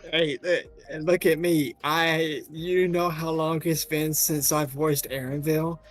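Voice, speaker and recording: A man's voice: on the high side, steady tone, measured pace, soft background music. Chatty man stammering through stories. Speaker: voice-acting streamer. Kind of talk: casual chat on a live stream.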